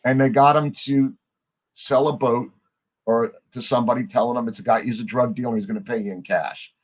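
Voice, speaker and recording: A man talks at a medium pitch. He tells long stories on a podcast, chatty and animated, and he jumps into quoted voices as he goes. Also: a little fast. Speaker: podcast guest. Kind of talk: conversational storytelling.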